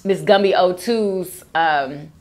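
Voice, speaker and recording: A woman's voice: lowish voice, takes it slowly, a little mellow. A young woman hosting a food vlog, chatting casually to viewers and calling them girl and y'all. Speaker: mukbang host. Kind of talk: casual chat reading viewer comments.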